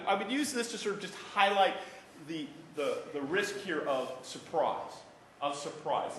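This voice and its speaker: A man giving a university lecture, animated and prone to restarting his sentences. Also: fairly high pitch, slight background noise. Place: lecture hall. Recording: echoey lecture hall.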